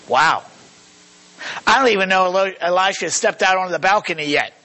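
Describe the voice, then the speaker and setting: A pastor preaches a sermon in a fairly high voice for a man. His delivery is halting, full of small fillers and restarts, and he slows to a deliberate pace when reading scripture aloud. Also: pushed and bright.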